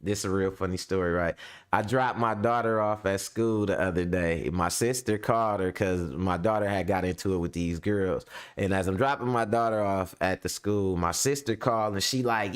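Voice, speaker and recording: Slangy, animated man telling stories. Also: normal speed, clear, resonant tone. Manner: slangy, animated storytelling, acts out voices in high pitch. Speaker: commentary show host. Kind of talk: casual commentary monologue.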